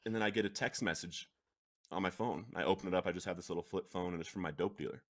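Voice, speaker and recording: A man in his thirties recounts his own story of hitting bottom and getting clean. His voice sits a little low, and he talks with raw earnestness. He swings between heavy, quiet moments and bursts of animated, laughing storytelling. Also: quick pace. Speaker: podcast guest sharing recovery story. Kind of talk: emotional personal storytelling.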